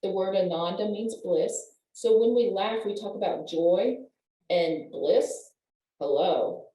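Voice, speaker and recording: An older woman, a wellness professional and guest, explaining things in an animated way and laughing as she talks. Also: mid-range voice, takes it slowly. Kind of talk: conversational explaining. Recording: roomy, distant from the mic.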